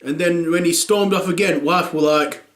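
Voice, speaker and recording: Brief: male comic as a rambling, foul-mouthed dad, slightly high voice, roomy sound. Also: moderate pace, fairly bright tone, close to an everyday voice. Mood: gossiping. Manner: rambling, crude, full of fillers and restarts. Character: blunt, crude northern English dad, thirties. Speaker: comedy character. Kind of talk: scripted comic monologue.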